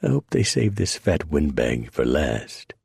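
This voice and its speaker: A man's voice: a bass voice, sing-song, measured pace, gravelly, darkish tone, slightly rough, no echo, studio quality, heavily acted. A man doing a smirking, cruel Roman sergeant. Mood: gloating. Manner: gloating, wicked.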